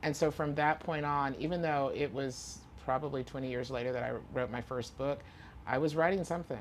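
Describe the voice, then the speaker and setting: Very low-voiced woman, earnest storyteller. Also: steady tone, a little fast, a little hiss or hum. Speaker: guest, author and former teacher. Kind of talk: conversational interview answers.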